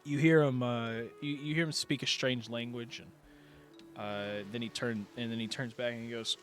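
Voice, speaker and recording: A man's voice: mid-range voice, fairly even intonation, moderate pace, a bit bright, faint music behind. Rambling man narrating a tabletop game. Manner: rambling, many fillers and restarts. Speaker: game master.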